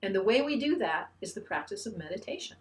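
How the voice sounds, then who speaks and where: A woman's voice: mid-range voice, sing-song, fast, darkish tone. A woman minister giving an online sermon, earnest and encouraging, often restarting her phrases. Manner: leads the congregation in a call-and-response chant.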